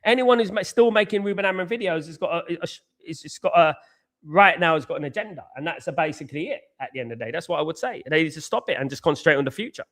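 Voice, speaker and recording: A man's voice: on the high side, expressive, fast talker, a bit bright. A young man from England, hosting a live football stream and ranting passionately, with mocking jabs at rival fans. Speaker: football channel host.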